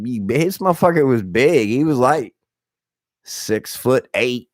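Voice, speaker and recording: A man in his thirties, a bit hoarse, telling rambling stories on his live stream in a blunt, profane, animated way. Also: medium pitch, unhurried, no room sound, studio quality. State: slightly hoarse. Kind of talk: rambling casual storytelling.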